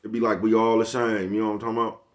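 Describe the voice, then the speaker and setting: A man's voice: on the low side, little pitch movement, rapid-fire. A man with a Bay Area accent talking casually to camera in a slangy, rambling monologue and laughing often. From San Francisco Bay Area. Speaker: vlogger.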